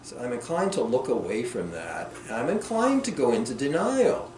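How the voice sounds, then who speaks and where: A man's voice: mid-range voice, very animated. Man speaking from far in a roomy hall. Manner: thoughtful, slows down and trails off softly. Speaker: author answering questions at a workshop. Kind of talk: reflective clinical discussion. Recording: roomy and distant with faint noise.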